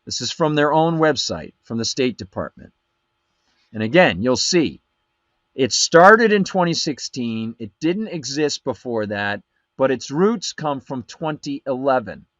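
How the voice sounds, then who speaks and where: A man's voice: mid-range voice, animated, unhurried, a bit bright, no room sound, muffled recording. A man hosting a live political commentary show, reading documents aloud and breaking off with sarcastic asides. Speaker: show host.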